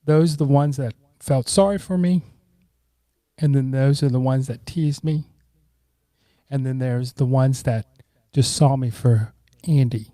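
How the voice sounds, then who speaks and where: A middle-aged man talks as a podcast guest, easygoing and unhurried, sometimes acting out the voices of old friends. His voice is dark and mellow. The sound is dry and close, with no room echo. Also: medium pitch. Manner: relaxed, warm, acts out quoted friends. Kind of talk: casual storytelling.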